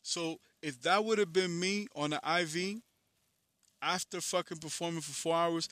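A man's voice: fairly high pitch, fairly even intonation, moderate pace, sharp tone, no room sound. A man who is a musician, giving a blunt, profane, candid personal monologue, frustrated and reflective.

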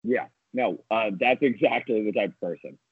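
A man who works at a coffee shop chatting casually, animated and quick to laugh. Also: on the low side, husky, no room sound, narrow, tinny audio. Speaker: Starbucks worker. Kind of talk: casual chat.

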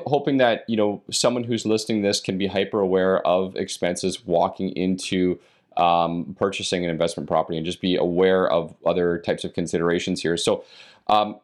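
Deep-voiced man explaining at length. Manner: explanatory, talks in long run-on stretches until out of breath. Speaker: podcast host. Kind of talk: casual podcast talk on real estate investing.

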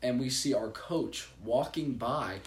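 A man's voice: medium pitch, unhurried. A young man and baseball player in casual chat, eagerly chiming in to fill out a shared story. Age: young adult. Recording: roomy echo with faint ambience.

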